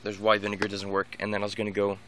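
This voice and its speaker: Over some background noise, a man with a fairly low, monotone voice rattles off tips very fast in an unscripted vlog about training his dog. He rambles, restarting sentences and repeating words often.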